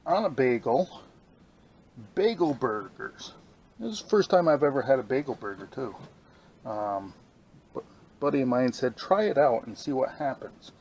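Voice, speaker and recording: Excited guy cooking burgers at camp, mid pitch, chatty and rambly, a bit of outdoor hiss. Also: low-quality recording. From New York state. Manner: enthusiastic, rambling, talks while eating. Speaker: outdoor vlogger. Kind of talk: casual cooking review vlog. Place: outdoors at a campsite.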